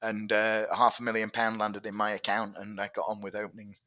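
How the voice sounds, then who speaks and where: A man's voice: lowish voice, completely flat delivery, a little fast, sharp tone, dry recording. A man, a tech company chief, telling stories in a casual interview, rambling with lots of fillers. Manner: chatty, rambling anecdotes with many fillers. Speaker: tech CEO guest.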